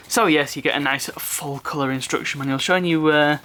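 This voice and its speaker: A man's voice: a little high, steady tone, brisk, pushed and bright. Chatty man, rambling unboxing. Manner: rambling, chuckling asides. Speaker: unboxing video host. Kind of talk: casual unboxing chat.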